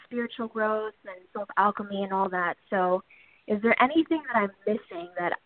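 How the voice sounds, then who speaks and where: A woman's voice: medium pitch, moderate pace, no echo. Young woman caller on a dry phone line. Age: young adult. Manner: eager, chatty, many ums and likes. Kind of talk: call-in question.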